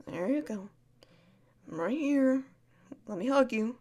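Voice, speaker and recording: A woman speaks in a whispered role-play as a comforting friend. Her voice sits a little high and moves slowly and gently, drifting between soft speech and hushed shushing. She repeats reassuring words in a calm, soothing way. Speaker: ASMR creator playing a caring friend.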